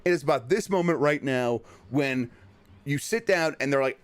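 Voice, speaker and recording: A man co-hosting a podcast in casual chat, wry and rambling, often trailing off into low mutters. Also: moderate pace. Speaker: podcast co-host.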